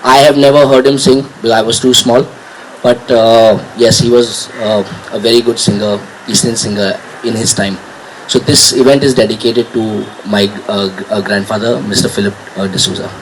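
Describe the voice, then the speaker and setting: A man hosts an award ceremony, speaking casually and haltingly to a crowd over a handheld microphone. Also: fairly low pitch, fairly even intonation, slight background noise, low-quality recording. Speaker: ceremony host. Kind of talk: informal welcome speech.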